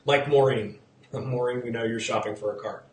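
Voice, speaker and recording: A man's voice: medium pitch, fairly even intonation, normal speed, echoey room. A man in real estate hosting a live-streamed market talk, chatty, repeating key figures and quizzing his viewers. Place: outdoors in the sun.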